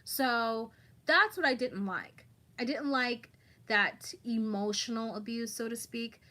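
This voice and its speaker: A woman's voice: fairly high pitch, slow, bright, forceful tone. A woman hosting a casual livestream, chatting about online drama and reading viewer comments aloud.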